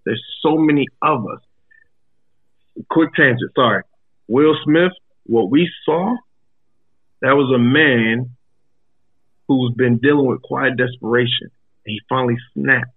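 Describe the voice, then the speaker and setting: A husky-voiced man speaks earnestly as a podcast guest, often stumbling over and repeating his words. His voice comes through a thin, tinny, phone-like line. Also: mid-range voice, measured pace, pauses often. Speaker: guest, comedian. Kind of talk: casual chat.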